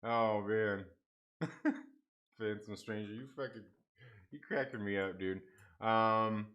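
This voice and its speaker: A man's voice: on the low side, takes it slowly, pauses often, a bit bright. A young man hosting a casual livestream, swearing and grumbling about a technical mix-up while reading out viewer chat. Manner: frustrated, swearing, laughing off a stream mix-up. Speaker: livestream host.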